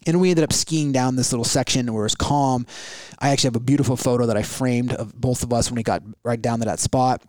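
Man, thirties, quick rambling storyteller, casual, dry close sound. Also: medium pitch, dry recording. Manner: rambling, animated retelling with many restarts. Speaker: guest telling a story.

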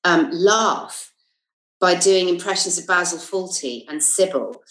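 A middle-aged comedian and actress from England with a southern English accent tells school stories as a podcast guest, recorded with a roomy echo. Her lowish voice is a little slow, and she's a lively storyteller full of fillers and asides in these casual interview anecdotes.

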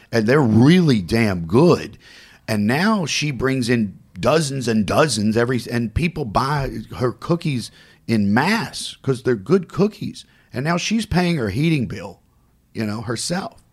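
Animated man telling a story. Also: medium pitch, measured pace, husky. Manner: animated, acts out voices in his stories. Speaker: podcast co-host. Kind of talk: casual storytelling chat.

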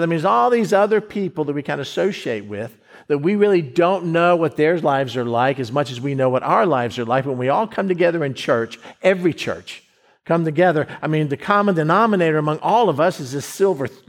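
Man, pastor from the US, sermon, chatty preaching, slightly high voice, slows down to stress points. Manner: conversational preaching, swinging from slow emphasis to quick asides.

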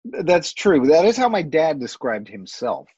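A man in casual chat, telling stories in a wry, animated way. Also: a little high, a little slow, husky, dry recording, muffled recording.

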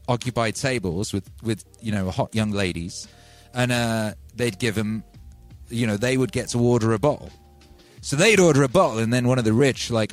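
A man from England hosting a livestream, telling stories in a rambling, animated way with many asides. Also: mid-range voice. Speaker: livestream host and music producer. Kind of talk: casual storytelling on a stream.

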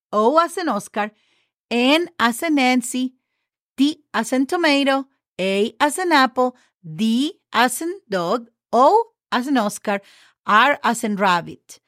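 A woman's voice: fairly high pitch, fairly bright tone, no echo, clean studio sound. A woman teaching a casual Spanish lesson, patiently spelling words letter by letter with example words and asking the listener questions.

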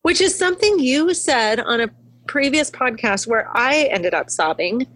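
A woman's voice: high-pitched, lively intonation, moderate pace, fairly bright tone. A woman guest on a podcast, a hospitalist, chatting casually and telling stories with frequent laughs. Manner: chatty, laughs often, emotional storytelling.

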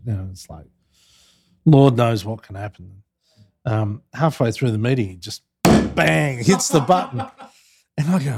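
A man's voice: lowish voice, lively intonation, a little slow, gravelly, a little mellow, breathy edge. A middle-aged man with an Australian accent, a former politician chatting as a guest in an interview and telling anecdotes with plenty of fillers. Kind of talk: conversational interview.

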